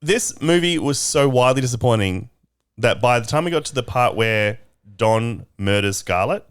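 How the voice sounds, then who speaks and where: A man's voice: medium pitch, animated, moderate pace, clear, resonant tone. A man with an Australian accent co-hosting a podcast, blunt and sweary as he rants in exasperation. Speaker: podcast co-host. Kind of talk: casual chat. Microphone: podcast headphones setup.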